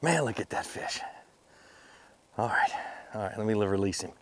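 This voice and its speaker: A man hosting a fishing video from a boat outdoors, excitable and quick to laugh, talking to the fish as he reels them in. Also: lowish voice. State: out of breath.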